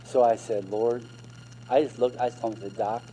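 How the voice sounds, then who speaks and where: A middle-aged man preaching a personal testimony from the pulpit, with a voice of ordinary pitch. He retells conversations with emphatic repetition. A faint hum sits under the recording. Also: steady tone, fairly quick, warm tone, low-quality recording. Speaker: minister. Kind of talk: testimony sermon.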